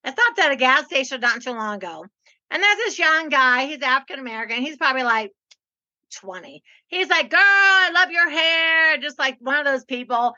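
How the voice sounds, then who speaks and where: A chatty, animated woman hosts a casual conversation. Her voice is high and bright, and the recording sounds a little dull and lo-fi. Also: fairly quick. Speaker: podcast host. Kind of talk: casual chat.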